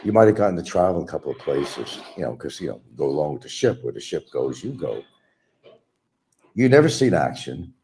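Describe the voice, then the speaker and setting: A man's voice: a bass voice, big pitch swings, fairly quick, warm tone. A man hosting a stream, giving a combative, mocking monologue aimed at absent rivals. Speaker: livestream host. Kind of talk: ranting monologue.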